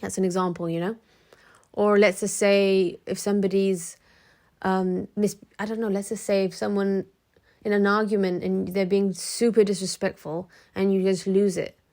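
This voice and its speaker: A woman's voice: mid-range voice, level tone, normal speed, dark tone. A woman vlogging to camera in a frank, chatty way, with many restarts, who acts out the people she quotes. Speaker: motivational vlogger. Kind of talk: casual talk to camera.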